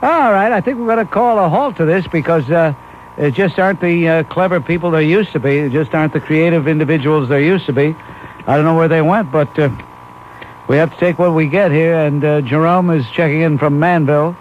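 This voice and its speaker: A man's voice: fairly high pitch, a little fast, slight background noise. A man hosting a call-in talk radio show, blunt and dismissive as he scores callers. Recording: 1991 AM radio broadcast, muffled.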